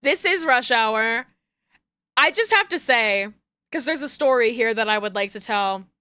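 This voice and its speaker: A woman streamer talks to her chat in an animated, giggly way, drawing her stories out at an unhurried pace. Her voice sits high and sounds bright and crisp. The sound is dry, picked up close on a desk mic. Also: no room sound.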